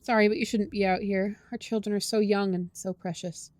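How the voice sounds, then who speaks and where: A woman voicing a weary, protective uncle who speaks quietly with a sigh. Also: medium pitch, fairly even intonation, fairly quick, no room sound, natural voice.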